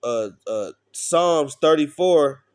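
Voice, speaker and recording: A man's voice: on the high side, animated, takes it slowly, clear, resonant tone. A man preaching an informal street sermon, blunt and profane, often asking his listeners questions.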